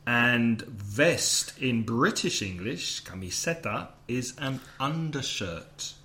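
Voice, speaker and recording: A man hosting a relaxed English-lesson podcast, explaining one word after another. His voice sits at a middle pitch. He throws in quick translations as he goes. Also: a little hiss or hum. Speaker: podcast host and English teacher. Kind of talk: casual teaching podcast.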